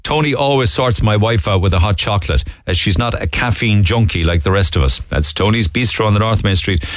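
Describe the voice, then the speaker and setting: A man's voice: fairly low pitch, a little fast, dry recording. A middle-aged Irish man from Cork hosting a talk radio show, chatting casually as he reads out listener messages and adds asides. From Ireland. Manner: chatty, conversational, reading lists with asides. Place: radio studio.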